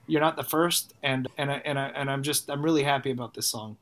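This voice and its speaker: A man, a songwriter, talking casually in an interview, animated and rambling, with frequent restarts and swearing. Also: medium pitch, quick pace. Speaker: songwriter and musician guest.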